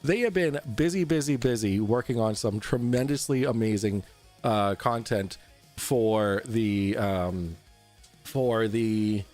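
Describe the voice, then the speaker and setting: A man's voice: lowish voice, slow pace, darkish tone, faint music behind. A man hosting a casual livestream talk show, rambling and swearing as he reads and answers chat while drinking on air.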